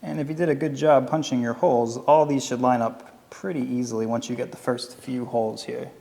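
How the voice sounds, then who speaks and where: A man with a Philadelphia accent giving a relaxed, step-by-step crafting tutorial while he works. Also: mid-range voice, fairly quick, vocal fry, in a large hall. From Philadelphia area. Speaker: leathercraft instructor. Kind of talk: casual how-to tutorial.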